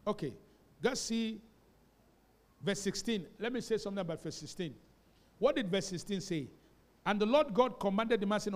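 Pastor preaching, high pitched, calls the crowd to repeat lines, echoey church. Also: male voice, a little mellow. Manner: emphatic, calls for congregation responses. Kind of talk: sermon. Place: church hall. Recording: reverberant church hall.

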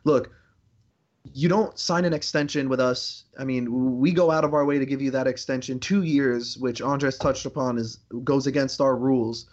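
Man, podcast co-host, casual rambling sports chat, mid pitch, a bit lo-fi. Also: fairly even intonation, normal speed, darkish tone. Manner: rambling, many restarts and fillers. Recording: slightly dull lo-fi sound.

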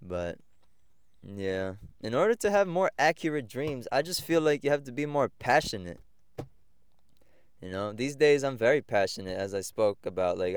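A young man hosting a podcast, telling rambling, reflective stories from his own life in casual talk. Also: fairly low pitch. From United States. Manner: rambling and reflective, many fillers and restarts. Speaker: podcast host. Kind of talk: casual personal storytelling.

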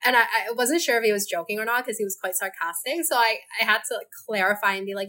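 Woman telling lively stories in a podcast chat. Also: on the high side, fast, hardly any pauses. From Hong Kong. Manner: animated storytelling, laughs often. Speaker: podcast guest. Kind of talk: casual interview chat.

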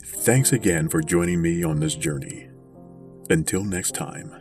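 A man hosting a podcast, reading a short story aloud in a measured, deliberate way from a mobile studio. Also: low voice, music in the background. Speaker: podcast host and reader. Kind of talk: scripted narration of a short story. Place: mobile studio in a converted school bus.

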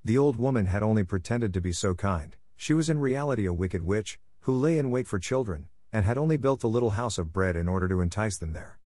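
A man narrating a fairy tale in a steady, measured storybook reading. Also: on the low side, no room sound.

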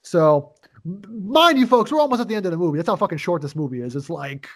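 With lively intonation and a quick pace, a high-voiced man co-hosting a podcast recounts a film's story. It's a casual movie review chat, packed with swearing and meandering side comments.

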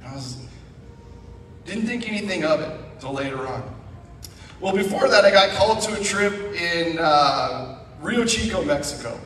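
A middle-aged man telling his testimony as a guest speaker at church, animated with asides. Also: high voice, moderate pace. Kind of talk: personal testimony. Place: church sanctuary. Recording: echoey room, mic far off.

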